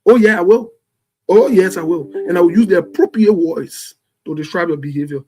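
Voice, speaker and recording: A Liberian man hosts a show from his home in the United States, giving impassioned political commentary. His voice sits high and is a little mellow, and he speaks briskly, bluntly and emphatically, repeating phrases for force.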